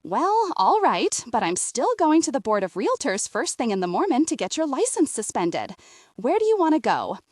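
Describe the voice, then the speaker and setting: A woman's voice: high-pitched, huge pitch swings, moderate pace, a little mellow, no echo, studio quality, heavily acted. A woman voicing a brash, rude middle-aged woman realtor who scolds and scorns. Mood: scornful.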